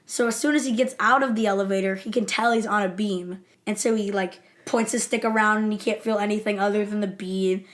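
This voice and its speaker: A woman's voice: medium pitch, steady tone, a little fast, hardly any pauses. Woman, podcast co-host, casual chat, laughs often. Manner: lists favorite moments, laughs often.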